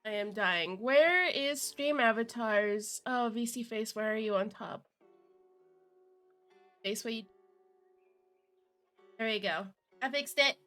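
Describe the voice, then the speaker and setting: A young woman streaming live, chatting casually to viewers, giggly and excitable, with a cold and chewing cough drops. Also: a little high, slow pace, long pauses, soft background music. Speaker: VTuber streamer.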